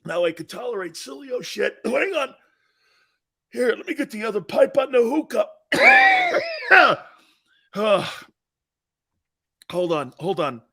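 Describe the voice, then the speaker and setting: A man's voice: very high-pitched, huge pitch swings, slow pace, gravelly, long pauses, bright, forceful tone, husky. A man hosting a live sports talk show, boisterous and teasing, reading chat messages and laughing a lot. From Italian-American background.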